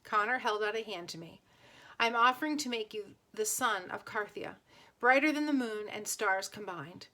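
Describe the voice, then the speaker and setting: Bright-voiced woman reading a novel. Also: mid-range voice. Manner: plain voices for characters, occasional stumbles and restarts. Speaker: audiobook reader.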